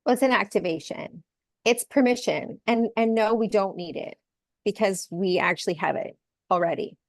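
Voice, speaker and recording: A woman's voice: medium pitch, moderate pace, no echo, clean studio sound. A woman astrologer, a podcast guest, explaining her ideas in a reflective way and tagging points with "right?". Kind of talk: casual conversational interview.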